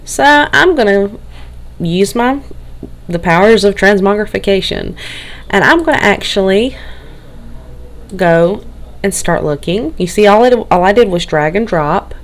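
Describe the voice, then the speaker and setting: A woman's voice: medium pitch, expressive, measured pace, pauses often. A woman with a Southern US accent, tired and a bit nervous, rambling and getting tongue-tied as she talks through a game feature in a casual walkthrough. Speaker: game tutorial narrator. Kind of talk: casual screen-recorded walkthrough.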